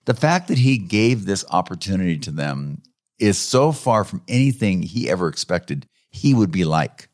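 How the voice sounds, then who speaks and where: A man, a counselor, telling anecdotes about his clients in a lively conversational way, often chuckling. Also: deep voice, moderate pace, no room sound, studio quality. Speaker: counselor who works with clients. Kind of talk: conversational interview storytelling.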